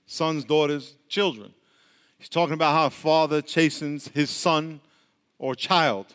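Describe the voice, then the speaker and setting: A man with a high, lifted voice preaches to his congregation, drawing them in with stories and call-and-response. His words ring out through a church hall with a long, lingering reverb. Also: fairly bright tone. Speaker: pastor. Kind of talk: sermon.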